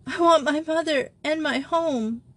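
A woman's voice: high voice, unhurried, no echo, pitched above the performer's own voice. A woman voicing a lonely, tearful young French schoolgirl who pleads between sobs. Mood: sobbing. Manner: sobbing, pleading.

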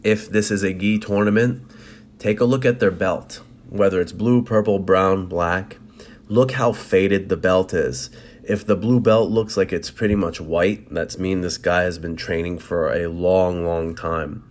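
Blunt, profane jiu-jitsu man, lowish voice. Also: measured pace. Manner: blunt and profane, animated storytelling. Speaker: jiu-jitsu competitor giving tips. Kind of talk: casual storytelling and advice.

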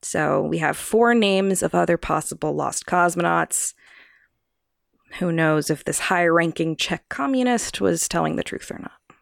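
A woman's voice: lowish voice, a little slow, vocal fry, no room sound, studio quality. A woman co-hosting a casual podcast, reading from prepared notes and laughing along with her co-host. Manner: reads prepared notes, laughs often at her co-host's jokes. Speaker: podcast co-host presenting the research.

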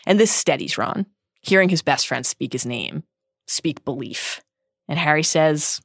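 A woman co-hosting a podcast, reading a prepared essay about a novel in a measured, earnest way with dramatic quoted passages. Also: sits low, animated, dry recording, clean studio sound. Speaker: podcast co-host.

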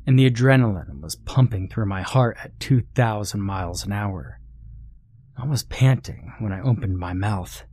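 A man narrating a first-person horror story in a steady, measured storytelling voice. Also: fairly low pitch, no room sound.

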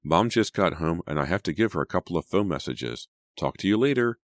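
A man's voice: low voice, animated, brisk, no room sound, studio quality, pitched above the performer's own voice. A man doing an anxious teenage girl. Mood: hurried.

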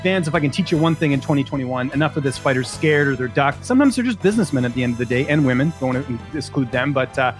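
A man's voice: mid-range voice, lively intonation, quick pace, hardly any pauses, soft background music. A man from Canada, a journalist guest on a casual podcast, who jokes and then argues his opinions in earnest. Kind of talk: casual chat.

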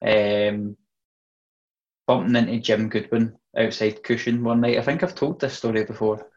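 A man's voice: lowish voice, fairly even intonation, moderate pace, darkish tone, highs cut off. A young Scottish man co-hosting a football podcast, telling stories casually and swearing freely. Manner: swears freely, storytelling with laughs. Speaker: podcast co-host. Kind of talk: casual chat.

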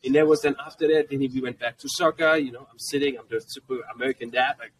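A man in his forties with a German accent tells stories casually as a podcast guest. He breaks into quick acted-out lines from his kids as he goes. His voice sounds a little distant from the mic, as if recorded at a convention booth. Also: medium pitch, a little hiss or hum. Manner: animated, jumps into quoted voices of his kids. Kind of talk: casual storytelling.

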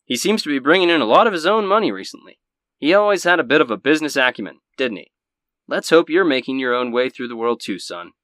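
A man voicing a loving father reading his letter in a loud newscaster manner. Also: animated, fast talker, dry recording, clean studio sound, lightly acted. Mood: fond. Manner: loud, booming newscaster delivery. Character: proud loving middle-aged father.

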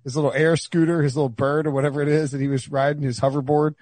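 A man hosting a casual sports podcast, his voice high-pitched and a touch husky. He talks in animated, exasperated bursts, stumbling and restarting as he riffs. The recording is dry and close, with no room sound. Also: fast, no room sound. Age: adult, married. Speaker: podcast host.

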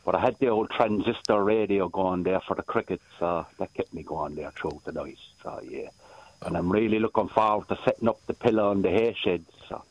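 A man's voice: low voice, fairly quick. An Irish man calling in to a radio show, talking in a rambling, easygoing way. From Ireland. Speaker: radio caller. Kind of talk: casual phone chat. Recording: lo-fi phone line.

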